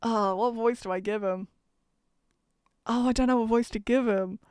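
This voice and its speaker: A woman's voice: on the high side, fairly even intonation, normal speed, darkish tone, clear, resonant tone, no echo, clean studio sound. A woman streaming a game, reading its text aloud and chatting in a giggly, self-deprecating way into a desk mic.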